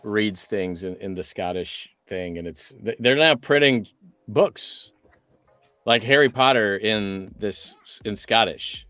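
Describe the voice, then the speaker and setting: A man's voice: lowish voice, slow pace, fairly bright tone, smooth, dry recording. A man chatting casually, breaking off and restarting his sentences as he talks. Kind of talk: casual chat.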